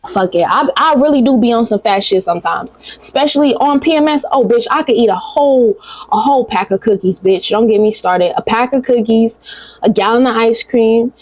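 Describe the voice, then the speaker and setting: A woman's voice: on the high side, a little mellow, dry recording. Profane hype-talking young woman, dry close mic. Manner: blunt, profane, hyped sisterly encouragement. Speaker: vlogger. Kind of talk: casual pep talk to camera.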